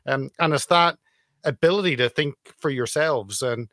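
A man in a casual conversation, explaining his view in a measured, reflective way. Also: mid-range voice, fairly bright tone, no room sound, studio quality.

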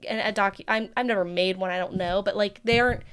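Relaxed, joking young woman co-host. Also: medium pitch, fast talker, clean tone. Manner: relaxed, joking, thinking aloud with fillers. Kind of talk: casual chat.

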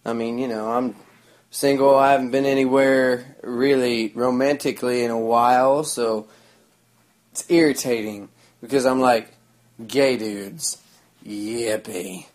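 A man's voice: mid-range voice, fairly even intonation, normal speed. A man, telling a rambling story in a sarcastic, crude, mocking way. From Oklahoma. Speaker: vlogger.

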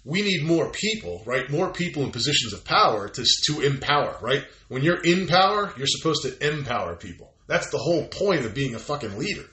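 Brief: lively, profane man in casual talk, bright tone, roomy sound. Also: fairly high pitch, fairly quick, few pauses. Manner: animated, profane, acts out quoted voices. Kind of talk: casual conversation.

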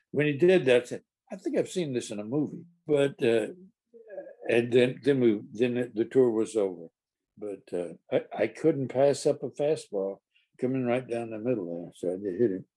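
A man's voice: medium pitch, a little slow, warm tone. Older guy telling an old stage story, rambly and amused, keeps restarting. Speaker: stage actor. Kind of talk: casual anecdotal storytelling.

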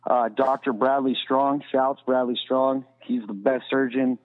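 A man's voice: medium pitch, little pitch movement, a little slow. A man telling a story in a casual, profane, rambling way as a podcast guest, full of "you know". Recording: tinny phone-like sound with long reverb.

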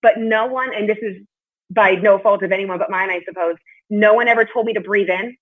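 A woman's voice: mid-range voice, brisk, husky. A woman guest in a casual interview, speaking candidly and chattily and swearing now and then. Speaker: podcast guest, martial arts competitor. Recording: tinny phone-like line.

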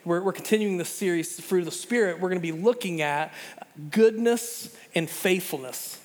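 A middle-aged man preaching from the pulpit, earnest and conversational with a self-deprecating streak. His voice sits fairly high for a man. The sound rings out with the long reverb of a large church hall. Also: normal speed. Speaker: pastor. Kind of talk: sermon with opening prayer. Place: church sanctuary.

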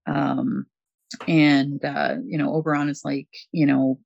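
A man's voice: fairly high pitch, flat delivery, takes it slowly, gravelly, dry recording, dull audio. A man casually recapping a story, rambling with many fillers and chuckles. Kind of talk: casual comic book recap.

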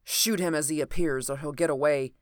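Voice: medium pitch, steady tone, fairly quick, no room sound, clean studio sound, natural voice. A reader voicing a dying wounded man. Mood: urgent. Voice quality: faint, gasping. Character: wounded middle-aged man, dying, urgent.

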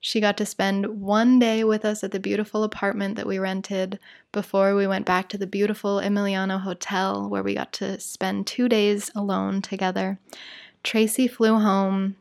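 A woman's voice: mid-range voice, little pitch movement, moderate pace, gravelly, a little mellow. An American woman hosting a podcast, telling a personal story in a rambling, chatty way, full of "like" and "you guys". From United States. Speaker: podcast host.

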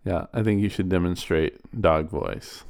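A man co-hosting a podcast, friendly and relaxed, giving a casual intro and chat. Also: deep voice, measured pace, gravelly, no echo, studio quality. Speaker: podcast co-host.

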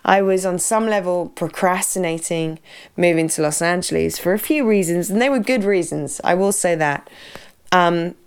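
A woman's voice: fairly low pitch, moderate pace, clean tone. A woman hosting a podcast, talking casually and drifting into digressive stories and asides. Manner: chatty, digressive storytelling with asides. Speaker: podcast host. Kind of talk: casual personal talk.

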